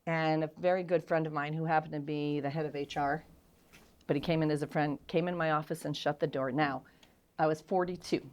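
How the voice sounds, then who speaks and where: Speaking a little fast in a voice that sits low, this middle-aged woman is an interview-show guest. She tells candid, animated stories that are frank and poke fun at herself.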